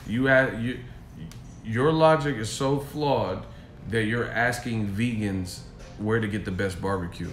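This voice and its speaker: A man's voice: on the low side, a little slow, fairly bright tone, soft background music. A man ranting on a stream in a profane, mocking way from a hotel room. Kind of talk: casual rant. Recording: echoey room.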